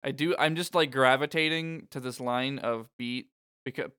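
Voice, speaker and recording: A man's voice: medium pitch, fairly even intonation, normal speed, pushed and bright, smooth. A man co-hosting a casual podcast, recapping a video game scene by scene, joking and laughing often. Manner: joking, laughs often, reads lines aloud. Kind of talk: casual chat.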